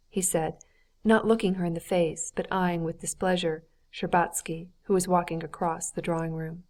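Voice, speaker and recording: A woman narrating a classic novel as an audiobook in a steady, even reading voice. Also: fairly low pitch, moderate pace. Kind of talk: scripted narration.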